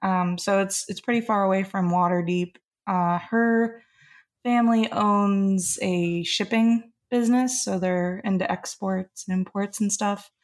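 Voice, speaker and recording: A woman introduces her tabletop character in a relaxed, easygoing way, with a light giggle now and then. Her voice sits in a middle range. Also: mid-range voice, a little slow. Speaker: tabletop game player. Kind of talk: casual chat describing a character.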